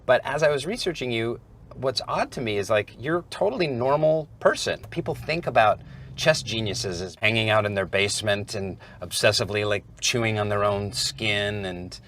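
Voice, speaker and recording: A talk show host with a bright, forceful edge to his somewhat low voice. He banters with comic exaggeration, hamming up his lines. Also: lively intonation, moderate pace, a little hiss or hum. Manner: jokey, playful exaggeration.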